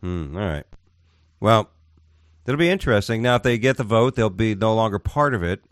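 A man's voice: on the low side, lively intonation, normal speed, dry recording, studio quality. A man co-hosting a podcast in casual chat, rambling and joking. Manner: rambling, jokey, puts on silly voices. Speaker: podcast co-host.

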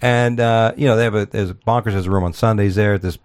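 Rambling, profane radio host. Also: male voice, on the low side, fairly even intonation, quick pace, darkish tone, clear, resonant tone. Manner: rambling, profane, laughs at own jokes. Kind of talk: casual comedy talk radio. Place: Florida.

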